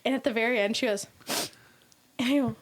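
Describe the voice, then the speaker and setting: A woman's voice: a little high, moderate pace, slight background noise. A young adult woman co-hosting a podcast, telling a story in a casual chat, acting out quotes with many fillers. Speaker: podcast co-host.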